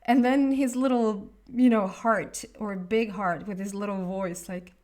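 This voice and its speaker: A woman in her thirties talks through a tarot reading in a loose, rambling way. Her voice sits a little high, and she gets emotional and laughs often as she goes. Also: lively intonation, normal speed, hardly any pauses. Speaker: tarot reader. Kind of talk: casual tarot reading monologue.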